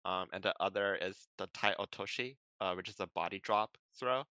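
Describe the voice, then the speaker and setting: A man chatting casually on a podcast, his voice bright and crisp, a touch low in pitch. He explains things in a relaxed way, full of ums and likes. The sound is dry and close. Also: moderate pace, dry recording. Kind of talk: casual chat.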